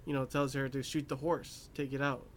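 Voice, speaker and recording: A man's voice: mid-range voice, level tone, normal speed, slight background noise. Rambling young man recapping an anime. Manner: rambling, many fillers, laughs at his own asides. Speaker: anime reviewer. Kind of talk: casual episode recap.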